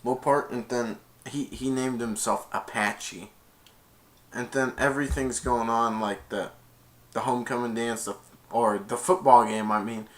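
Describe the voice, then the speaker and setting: A man's voice: mid-range voice, steady tone, measured pace. A young man casually retelling a movie's plot in a rambling, loose way, stringing events together with "and then". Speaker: movie reviewer.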